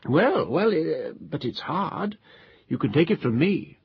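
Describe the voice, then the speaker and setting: Male reader doing a drunk, overly polite gentleman guest, voice raised and husky, in a storybook reading. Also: fairly high pitch, big pitch swings, a little slow, pitched above the performer's own voice, full character voice. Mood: tipsy, genial. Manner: slurred exaggerated civility, sing-song. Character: tipsy middle-aged gentleman hotel guest, pompous. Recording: dull lo-fi recording.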